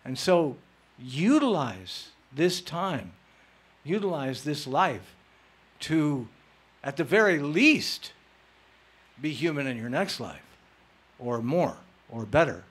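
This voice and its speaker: A man with a fairly high voice leads a lecture and answers questions from the floor. He talks in an animated, playful way and often teases his listeners. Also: takes it slowly, breathy edge. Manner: animated, playful, teasing, emphatic. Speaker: spiritual teacher answering audience questions.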